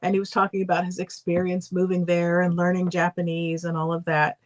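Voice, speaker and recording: A woman's voice: fairly low pitch, flat delivery, brisk. A woman co-hosting a livestream in casual chat, thoughtfully explaining her views at length with many fillers. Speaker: livestream co-host.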